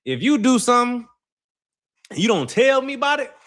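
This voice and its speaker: Animated man with a lively high voice. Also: moderate pace. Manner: animated storytelling, slangy, acts out quotes. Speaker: channel host. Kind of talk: casual commentary to camera.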